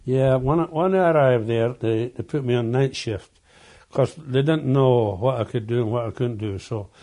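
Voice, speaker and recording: In an oral history interview, an older man who once mined coal reminisces in a medium-pitched, warm voice. He speaks haltingly, often repeating words as he tells his stories.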